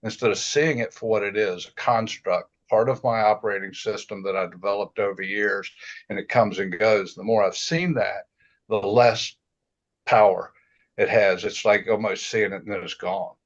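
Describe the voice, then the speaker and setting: A man in a reflective casual chat, speaking haltingly and restarting often as he searches for words. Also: fairly low pitch, fairly even intonation, lo-fi sound. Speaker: self-inquiry group member. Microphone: video call.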